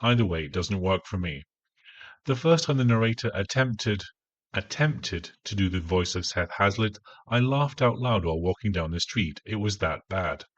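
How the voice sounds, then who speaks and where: Male reviewer, deadpan and sarcastic, deep-ish, flat dull recording. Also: normal speed, no echo. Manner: dry, sarcastic, scornful. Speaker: audiobook reviewer. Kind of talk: spoken review.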